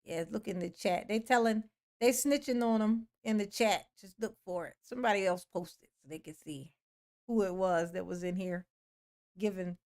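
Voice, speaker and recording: A woman hosting a casual livestream, greeting viewers in the chat, playful and laughing often with drawn-out "yes, honey" replies. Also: medium pitch, a little mellow. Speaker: livestream host. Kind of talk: casual livestream chat, reading and answering a live chat.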